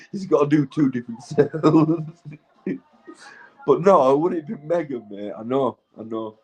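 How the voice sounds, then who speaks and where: A man from Keighley in Yorkshire, England, with a Yorkshire accent, hosts a livestream, stoned and tipsy, rambling, swearing and laughing as he chats casually with viewers. His voice is on the high side and darkish with a breathy edge, his intonation lively, and he talks a little slowly with long pauses. The recording is rough.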